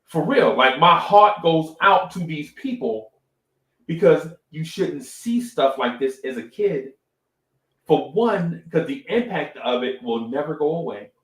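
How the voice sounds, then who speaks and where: Animated middle-aged man, echoey room. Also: fairly high pitch, a little slow. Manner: animated storytelling, repeats phrases, says "right?" often. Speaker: podcast co-host. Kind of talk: casual live-stream talk.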